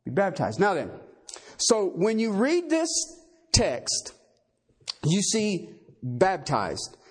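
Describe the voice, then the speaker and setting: Man, pastor, sermon, slow deliberate delivery, lively pitch swings, emphatic. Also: slightly rough. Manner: emphatic, asks the congregation rhetorical questions; fillers of okay and all right after points.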